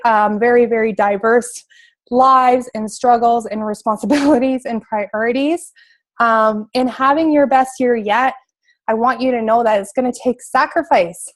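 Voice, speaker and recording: A young woman leads a motivational team call, her voice sitting a little high. She talks with energy and emphasis, circling back to drive each point home. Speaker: coach giving a team call.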